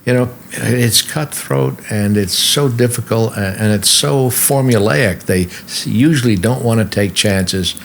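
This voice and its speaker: Gravelly older New storyteller. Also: male voice, mid-range voice, measured pace, hardly any pauses, a little hiss or hum. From New York. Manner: lively storyteller who acts out the people he quotes. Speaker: podcast guest. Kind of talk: storytelling anecdotes. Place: podcast studio.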